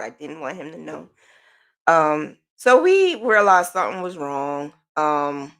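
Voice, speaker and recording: A middle-aged woman hosting a podcast, telling a personal story in a chatty, animated way with sighs and self-corrections. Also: mid-range voice, vocal fry. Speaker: podcast host.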